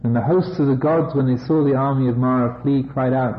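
A man's voice: medium pitch, fairly even intonation, a little fast, hardly any pauses. Man reading scripture with wry asides. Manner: wry and amused, breaking off for jokes. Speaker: Buddhist teacher. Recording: echoey, slightly dull room recording.

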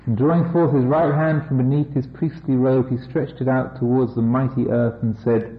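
A Buddhist teacher reading an old scripture story aloud and breaking off for amused, joking comments. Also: male voice, medium pitch, fairly even intonation, moderate pace, hardly any pauses. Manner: wry and amused, breaking off for jokes. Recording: echoey, slightly dull room recording.

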